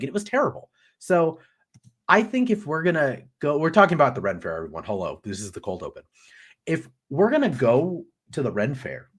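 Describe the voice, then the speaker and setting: A man hosting a live pop culture news show, animated and jokey, swearing casually as he chats. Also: medium pitch, husky. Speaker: host.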